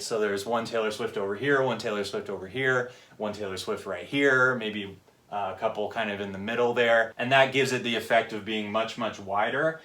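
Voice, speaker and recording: Brief: male music explainer from California, lowish voice, upbeat, scats rhythms to make his point. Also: fairly bright tone. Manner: enthusiastic, vocalizes rhythms with "da da" and frequent "right?". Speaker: music analysis video host. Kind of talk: casual song breakdown.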